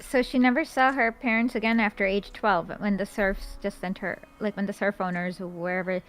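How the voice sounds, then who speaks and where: A woman on a discussion podcast who writes articles. She talks in an animated way and jumps in quickly. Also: mid-range voice, low-quality recording. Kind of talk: casual discussion.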